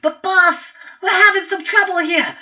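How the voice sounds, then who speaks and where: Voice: very high-pitched, steady tone, measured pace, bright, forceful tone, distant mic, pitched above the performer's own voice, heavily acted. A game master doing a pleading goblin grunt. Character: nervous goblin underling pleading. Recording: dull lo-fi recording.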